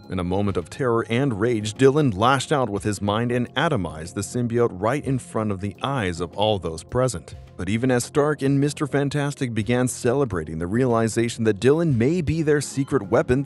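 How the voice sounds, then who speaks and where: A man giving scripted, dramatic narration of a comic book story. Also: medium pitch.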